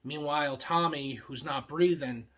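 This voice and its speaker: A young man pitching show ideas in a casual comedic monologue, rambling and swearing freely, full of filler words. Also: a bit bright. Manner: acts out the other characters' lines in quick bursts.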